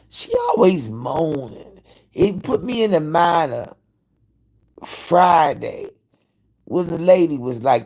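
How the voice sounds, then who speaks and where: A man hosting a live stream, dishing gossip with plenty of cursing and theatrical flair. His voice sits fairly high and swings widely, slow and drawn out with a gravelly fry. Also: big pitch swings. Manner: profane, dramatic, gossiping. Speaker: livestream host. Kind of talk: casual live-stream chat.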